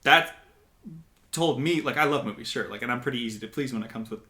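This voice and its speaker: A man's voice: mid-range voice, fast talker, bright, forceful tone. A young man co-hosting a casual podcast chat, gushing about a film and laughing often. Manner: gushing, laughs often, talks over others. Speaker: podcast co-host.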